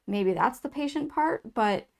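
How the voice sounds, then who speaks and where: A woman's voice: a little high, expressive, unhurried, creaky. A woman giving a pick-a-card tarot reading to her viewers, musing aloud and reading out card meanings. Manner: soft, musing, reads card texts aloud. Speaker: tarot reader.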